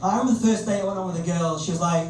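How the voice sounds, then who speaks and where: Northern English comic in an echoey club. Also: male voice, sits high, racing, very noisy. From north of England. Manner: self-deprecating, lively storytelling. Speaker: stand-up comedian. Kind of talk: stand-up comedy set. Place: comedy club stage. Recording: echoey club, distant mic, crowd.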